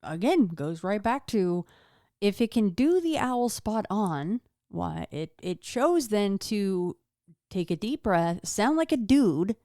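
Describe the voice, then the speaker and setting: Mellow, folksy-talking woman host. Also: mid-range voice, big pitch swings, takes it slowly, dry recording, studio quality. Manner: folksy and blunt with colloquial phrasing. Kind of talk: interview podcast.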